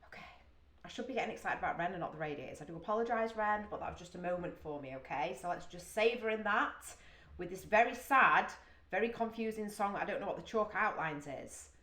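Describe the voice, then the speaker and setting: A woman's voice: mid-range voice, expressive, quick pace, sharp tone. A British woman from the UK hosting a music reaction, talking casually and emotionally, thinking aloud with gasps and sighs. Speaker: music reaction video host. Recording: roomy echo.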